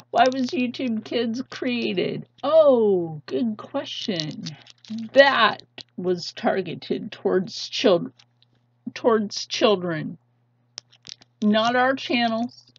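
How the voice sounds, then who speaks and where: A woman's voice: mid-range voice, expressive, very slow, pauses often, a little hiss or hum. A woman hosting her own channel, delivering an impassioned, pleading vlog rant with heavy emphasis. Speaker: channel host. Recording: dull lo-fi sound.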